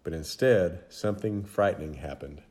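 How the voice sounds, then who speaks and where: Male narrator with a deep, mellow voice, measured dramatic reading of a children's Bible story. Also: slight background noise.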